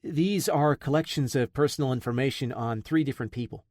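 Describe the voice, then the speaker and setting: A man's voice: medium pitch, fairly quick, darkish tone, no room sound, clean studio sound, natural voice. A man voicing a frightened young male computer hacker who talks in a nervous, stammering, pleading way. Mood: scared, pleading.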